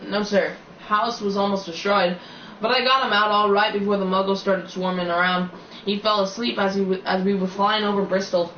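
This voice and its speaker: A man voicing a huge, soft-hearted male giant who talks humbly and stammers, recorded in an echoey room from a distance with a dull sound. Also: sits high, little pitch movement, normal speed, slight background noise. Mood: humble.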